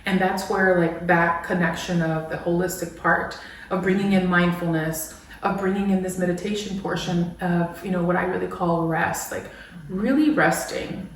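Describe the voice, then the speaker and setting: Woman chatting about her work, animated storyteller, sounds far from the mic in a really echoey room. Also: lowish voice. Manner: animated storyteller who acts out quotes with laughter. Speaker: guest, sound bath practitioner and business coach. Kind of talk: casual conversation. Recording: echoey room, distant mic, faint noise.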